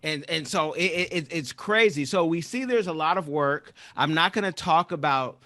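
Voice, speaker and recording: Podcast host guy, bit high voice, stop-start questions with lots of restarts, dry close sound. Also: pushed and bright, no room sound. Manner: halting questions with restarts and fillers. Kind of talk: interview hosting.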